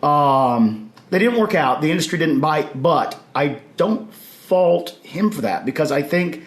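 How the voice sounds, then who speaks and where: Animated man telling a story. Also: a little high, measured pace. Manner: animated, acts out quoted voices. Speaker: podcast guest. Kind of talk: casual storytelling. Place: convention hall. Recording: echoey convention hall.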